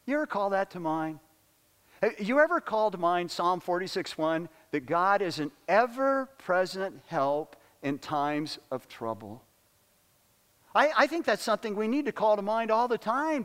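Older preacher with a high voice. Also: male voice, a bit bright, in a large hall. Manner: earnest, repeats words for emphasis. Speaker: pastor. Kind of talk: sermon.

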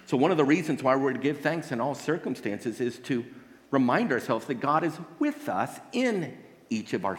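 A man preaching a sermon as pastor, earnest and emphatic, asking the congregation rhetorical questions. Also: mid-range voice. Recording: long hall reverb.

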